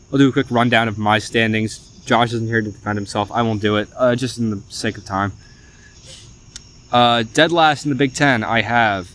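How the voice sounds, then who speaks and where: A young man, hosting a casual sports podcast, chatty and animated, often saying "y'all". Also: mid-range voice. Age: young adult. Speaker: podcast host.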